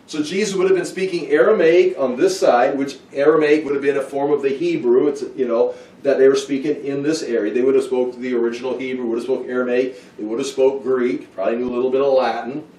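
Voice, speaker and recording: A man's voice: mid-range voice, fairly even intonation, fast, warm tone. A man teaching a Bible study who thinks aloud with restarts and asides. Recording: roomy, from far off the mic.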